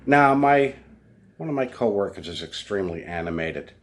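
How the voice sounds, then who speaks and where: A man's voice: fairly low pitch, expressive, moderate pace. A man in the food industry telling a work story in a casual monologue, acting out other people's lines.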